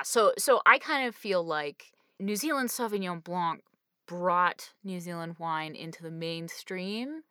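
Chatty podcast co-host, woman, bright lowish voice, giggly and rambling. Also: clear, resonant tone, no echo, clean studio sound. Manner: bubbly, laughs often, rambling. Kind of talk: casual chat.

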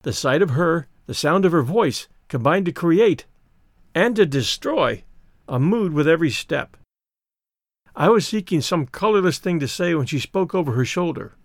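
A man narrating an audiobook in a measured, expressive way. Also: a little high, no room sound, clean studio sound.

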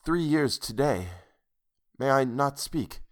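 A man's voice: mid-range voice, expressive, takes it slowly, voice pushed up. A man reading the part of a weary, haunted man who speaks eagerly and pleadingly to a woman in a ghost story. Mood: longing.

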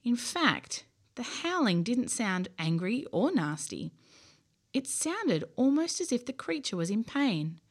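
A woman narrating a bedtime story in an expressive way, going hushed in the tense parts. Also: a little high, unhurried.

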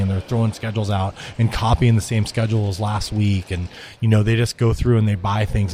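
Mellow-voiced man, rambling and repetitive. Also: fairly low pitch, a little hiss or hum. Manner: rambling, repeats himself, frequent "right?". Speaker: CEO of a restaurant tech company. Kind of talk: casual podcast interview.

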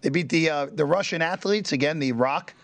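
Male co-host, slightly high voice, brisk sports recap, dry close sound. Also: a bit bright, no echo. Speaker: sports betting show co-host. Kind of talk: casual radio show chat.

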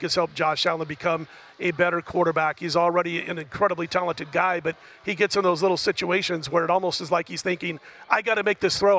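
A man with a notably high voice, speaking as a sports betting guest. He works through numbers steadily and methodically, weighing each point before giving his pick. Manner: measured, stat-heavy, steady. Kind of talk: analytical sports betting talk.

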